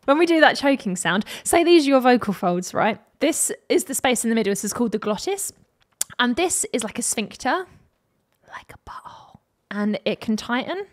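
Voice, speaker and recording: A woman's voice: on the high side, sing-song, brisk. A woman, a vocal coach, analysing a song in a reaction video and demonstrating the sounds with her own voice.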